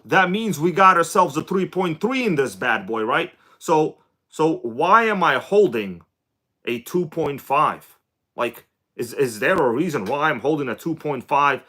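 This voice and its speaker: A man's voice: on the high side, expressive, measured pace, pushed and bright. A man hosting a live stream, chatting casually and jokingly and greeting viewers by name.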